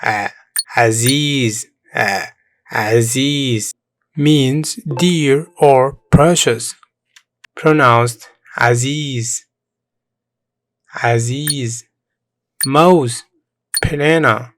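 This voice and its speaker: A man speaks at a very slow, deliberate pace, like a patient teacher working through a lesson. He repeats each word several times and follows with warm, encouraging praise for the learner. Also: medium pitch, no room sound. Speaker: Arabic teacher. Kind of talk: scripted beginner language lesson.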